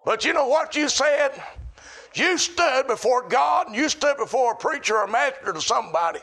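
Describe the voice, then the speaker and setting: A middle-aged man preaching a sermon, chanting in a repetitive cadence that rises to shouts. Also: extremely high pitch, lively intonation, moderate pace, creaky.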